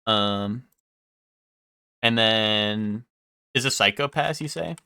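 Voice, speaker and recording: A young male streamer talks to his chat in a bright, crisp voice, rambling and swearing as he goes. The sound is dry and close. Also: fairly low pitch, takes it slowly, no echo. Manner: rambling, swears a lot, full of ums. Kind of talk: casual live-stream chat.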